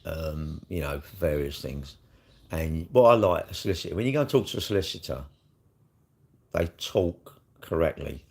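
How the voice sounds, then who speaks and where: A middle-aged man with a South East London accent talks on a live stream in a very deep voice with a gravelly edge. He rambles along bluntly, swearing freely as he chats. The talk is casual and unscripted. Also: expressive, normal speed.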